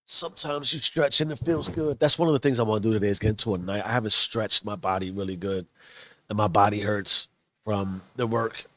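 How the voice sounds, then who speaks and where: A man's voice: on the low side, fairly quick, pushed and bright, no room sound. Earnest married man rambling, dry close mic. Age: adult, married with children. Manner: rambling, earnest, with many restarts. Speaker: self-improvement vlogger. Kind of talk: casual motivational monologue.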